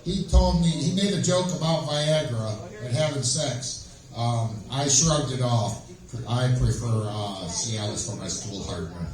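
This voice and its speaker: A man's voice: mid-range voice, measured pace. Rambling man doing stand-up, echoey room. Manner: rambling deadpan storytelling with fillers. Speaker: amateur stand-up comic. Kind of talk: stand-up set. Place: small comedy club stage. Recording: echoey room from far off with crowd.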